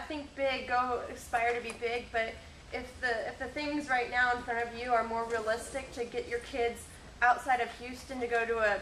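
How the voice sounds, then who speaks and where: A woman's voice: on the high side, a bit bright. A woman presenter giving encouraging closing remarks at a seminar, with some fillers. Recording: echoey room with faint noise.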